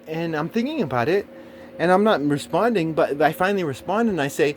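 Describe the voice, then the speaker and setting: A man's voice: fairly high pitch, animated, brisk, a little hiss or hum. Rambling, profane man telling a story. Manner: rambling, profane, many fillers and restarts. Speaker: storyteller recounting a personal experience. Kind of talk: casual monologue.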